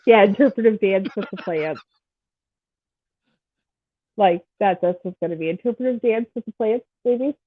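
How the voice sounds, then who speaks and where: A woman hosts a podcast in loose, rambling chat, teasing the people around her. Her nose is stuffed up and her voice sounds husky and breathy. The sound is thin and phone-like and very dry. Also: mid-range voice, moderate pace, pauses often, no room sound. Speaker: podcast host. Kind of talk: casual chat. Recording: tinny phone-like line.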